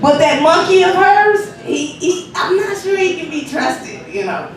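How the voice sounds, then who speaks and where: A man's voice: extremely high pitch, unhurried, a crowd in the background. A man rehearsing a stand-up comedy set, telling profane stories with lots of energy and laughing at his own jokes. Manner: profane, animated storytelling. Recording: echoey room, mic far off, noisy.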